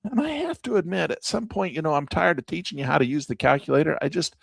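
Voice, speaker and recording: A man teaching high-yield investing as he walks through calculators on screen, animated and repetitive, with self-mocking asides. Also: fast talker, vocal fry, hardly any pauses, no room sound. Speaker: finance educator. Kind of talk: casual screen-share tutorial.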